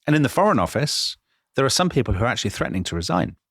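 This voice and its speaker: A man co-hosting a podcast, telling history in a lively conversational way and acting out quoted lines. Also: medium pitch, very fast, slightly rough, no echo, studio quality. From Britain. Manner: animated, dramatizing quotes with voice changes. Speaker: podcast co-host.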